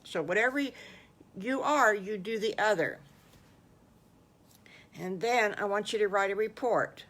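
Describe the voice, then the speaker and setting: A woman's voice: mid-range voice, a little slow, pauses often, fairly bright tone. An older woman voicing a friendly, encouraging schoolteacher. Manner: instructive, encouraging.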